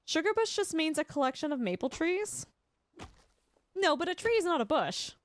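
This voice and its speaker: A woman's voice: sits high, big pitch swings, moderate pace. Chatty Canadian woman streamer. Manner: chatty, laughs often, many restarts. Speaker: livestream gamer. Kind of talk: casual chat reading live chat.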